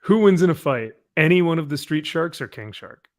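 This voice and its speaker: A man's voice: fairly high pitch, animated, fairly quick. A man hosting a casual live comic review chat, recapping books with sarcastic asides. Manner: sarcastic, reads comic dialogue aloud mockingly. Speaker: comic review show host.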